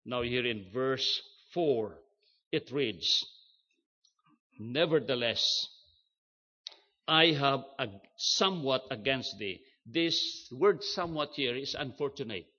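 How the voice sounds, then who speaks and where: An older man preaching a sermon, emphatic and measured, repeating key phrases for stress. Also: medium pitch, animated, pushed and bright. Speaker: pastor. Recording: dull lo-fi sermon recording.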